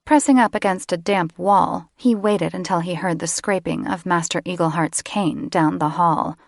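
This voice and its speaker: A woman audiobook narrator giving steady, scripted fantasy narration close to the microphone. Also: on the low side, moderate pace, vocal fry, dry recording. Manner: steady storytelling. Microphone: close studio microphone.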